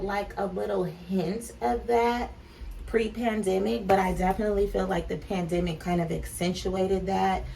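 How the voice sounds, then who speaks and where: A woman in her thirties from California speaks in a mid-range, gravelly, slightly mellow voice. She's a vlogger and clothing brand owner, chatting candidly as she does her makeup and calling her viewers "child," "baby" and "honey." The mic sits a bit distant, with faint background noise.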